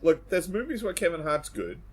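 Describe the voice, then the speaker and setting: A man's voice: fairly high pitch, very animated, brisk, husky. A man co-hosting a casual podcast, talking bluntly and swearing freely. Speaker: podcast co-host.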